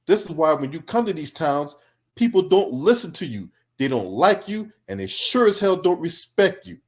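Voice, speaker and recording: Man, angry political reaction stream, confrontational, profane, somewhat high pitch. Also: big pitch swings, moderate pace. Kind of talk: heated reaction commentary.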